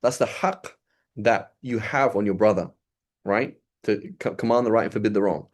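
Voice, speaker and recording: A man teaching a religious lesson in a casual, conversational way, acting out little dialogues as he goes. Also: fairly low pitch. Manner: animated, acts out dialogue in quick asides. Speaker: Islamic teacher.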